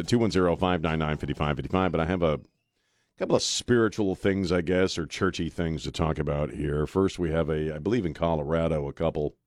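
Behind a studio microphone, a man hosts a talk radio show, delivering an opinionated monologue that is blunt and sarcastic, with frequent hesitant fillers. His voice rumbles low and is a little mellow, with no room sound.

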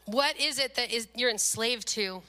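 Middle-aged woman preacher; bright, forward tone, expressive sermon storytelling. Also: on the high side, moderate pace.

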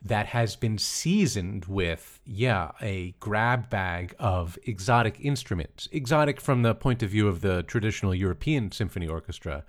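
A man's voice: fairly low pitch, moderate pace, hardly any pauses. A man co-hosting a casual podcast, talking thoughtfully about a film score and occasionally singing bits of the melody. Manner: thoughtful, chuckling, sings melody fragments. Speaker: podcast co-host. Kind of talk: casual music analysis chat.

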